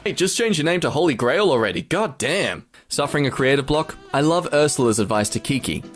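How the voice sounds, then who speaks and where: A man's voice: fairly high pitch, expressive, brisk, faint music behind. A young man hosting a casual reaction video, chatting and laughing often between remarks. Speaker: host reacting to online posts.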